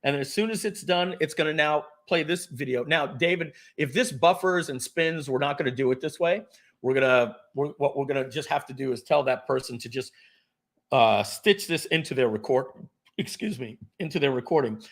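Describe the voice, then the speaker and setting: A middle-aged man hosting a live webinar, pitching software with energetic, salesy talk, often clearing his throat and restarting sentences. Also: moderate pace. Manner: energetic, salesy, talks to viewers as folks. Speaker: webinar host presenting software.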